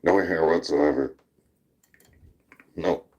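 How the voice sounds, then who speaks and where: A man's voice: a bass voice, fairly even intonation, takes it slowly, a little mellow, slightly rough. A man hosting a casual talk show, telling a rowdy story with laughter and swearing. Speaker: podcast host.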